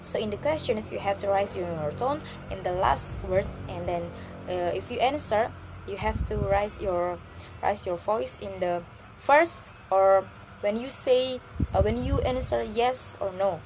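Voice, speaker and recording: Slow, halting woman teaching intonation. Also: mid-range voice, noisy background. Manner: halting, many fillers and restarts, exaggerated rising and falling examples. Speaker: English teacher. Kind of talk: spoken pronunciation lesson.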